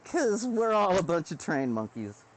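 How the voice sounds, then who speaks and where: A man's voice: high-pitched, very animated, a little slow, slight background noise. A man in a rambling, profane, self-deprecating live-stream monologue, recorded indoors on a webcam setup.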